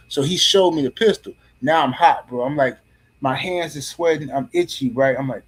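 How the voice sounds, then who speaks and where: A middle-aged man on a podcast panel tells a story casually, in a blunt, profane and animated way, often restarting his sentences. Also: medium pitch, normal speed, husky.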